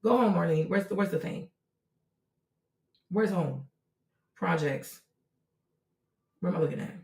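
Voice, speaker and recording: A woman's voice: lowish voice, lively intonation, a little slow, gravelly, a little mellow, echoey room. A woman hosting a live-stream commentary, talking bluntly and profanely as she lectures a viewer in her chat. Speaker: livestream host.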